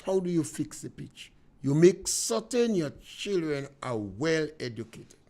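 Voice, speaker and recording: A middle-aged Grenadian man hosting a radio talk show, delivering an emphatic, preachy monologue with swings of loudness. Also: a little high, big pitch swings, measured pace.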